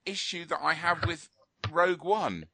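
A man's voice: on the high side, measured pace, crowd noise. A man co-hosting a film review radio chat, opinionated and rambling, with many fillers and restarts.

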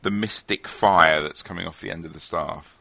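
A man's voice: low voice, normal speed, gravelly, bright, forceful tone, no echo. A man co-hosting a hobby podcast, bantering and teasing with frequent laughs. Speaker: podcast co-host. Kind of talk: casual banter.

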